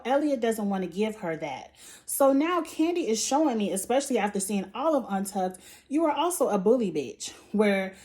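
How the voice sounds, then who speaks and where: A woman with a medium-pitched, slightly mellow voice runs a casual recap vlog as a show reviewer and channel host. She's blunt and profane, heavy on slang, and acts out quotes with lots of animation.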